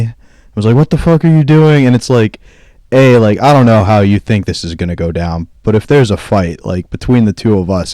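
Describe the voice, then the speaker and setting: A man's voice: fairly low pitch, warm tone, no echo. A man in casual podcast chat, telling a long rambling story and acting out what everyone said. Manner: rambling storyteller who acts out quoted dialogue.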